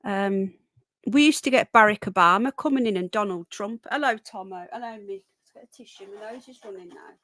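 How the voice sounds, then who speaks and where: A woman's voice: mid-range voice, brisk, fairly bright tone, no echo. A woman hosting a casual livestream, chatting and greeting viewers by name with a runny nose, a bit unwell. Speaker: livestream host. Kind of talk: casual live chat.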